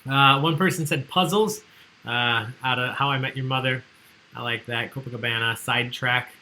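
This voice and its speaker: Bright-voiced chatty trivia host man. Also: medium pitch, fairly even intonation, moderate pace, low-quality recording. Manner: chatty, joking, reads out answer lists. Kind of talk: casual livestream trivia hosting.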